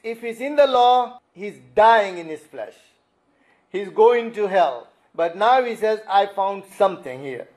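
A man's voice: sits high, lively intonation, slow, darkish tone, rough recording. A man preaching a sermon, acting out quoted cries as he explains scripture. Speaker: pastor.

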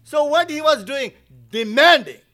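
Male preacher, very high voice, animated and emphatic sermon delivery. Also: unhurried. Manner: animated, acts out quotes, emphatic.

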